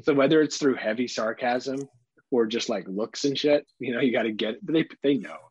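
Male podcast co-host, husky voice, candid and profane, dry dull recording. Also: medium pitch, fairly quick, no echo. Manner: candid, swears freely, animated impressions. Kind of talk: casual chat.

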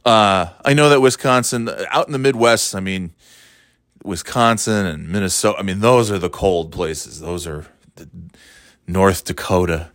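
This solo podcast host, a man from the American Northeast, rants and rambles sarcastically and swears plenty in a casual monologue. He speaks at a normal pace in a low voice with a fairly bright tone, captured at studio quality with no echo.

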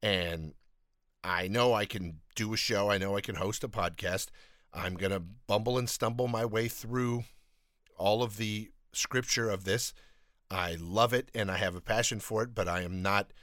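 A man hosts his own faith podcast, talking in an earnest, rambling and self-deprecating way. His voice is fairly low but bright and forceful. The sound is dry and close. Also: moderate pace, dry recording. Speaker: podcast host. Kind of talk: casual faith podcast talk.

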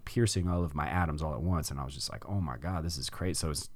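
A man's voice: extremely low pitch, fast, dry recording. A middle-aged man hosting a podcast, telling a personal story in casual conversation and acting out his own past reactions. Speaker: podcast host.

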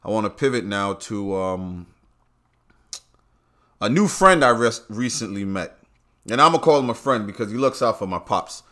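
A man's voice: lowish voice, lively intonation, normal speed, long pauses, a bit bright. A man from Brooklyn with a New York accent, talking bluntly and swearing freely as he hosts his own podcast monologue. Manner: profane, blunt storytelling. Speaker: podcast host. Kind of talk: casual monologue.

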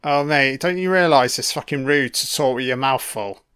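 A man's voice: medium pitch, moderate pace, a bit bright, clear, resonant tone. A man giving a casual, profanity-filled commentary on a film, reacting to scenes as they play. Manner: heavy swearing, chatty reactions.

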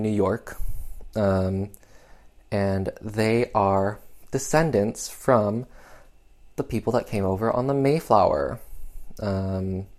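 A man's voice: on the low side, darkish tone. A man casually recapping an old film, rambling along with lots of fillers and sarcastic asides. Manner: rambling and chatty, full of "um" and "like". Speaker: podcast host reviewing a film.

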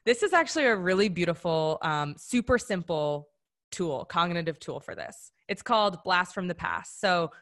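A woman facilitating a live online workshop over a video call, encouraging and conversational, often checking in with "right?". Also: on the low side. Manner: warm, encouraging, conversational with many "right?" tags.

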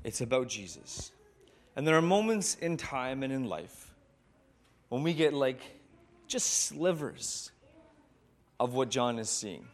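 Male pastor telling a sermon story, unhurried, reflective, with long pauses. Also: mid-range voice, sing-song. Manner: slow, reflective, with dramatic pauses.

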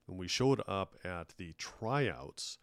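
A man's voice: low-pitched, animated, takes it slowly, smooth, dry recording. A middle-aged man hosting a casual interview, telling a reflective personal story. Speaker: podcast host.

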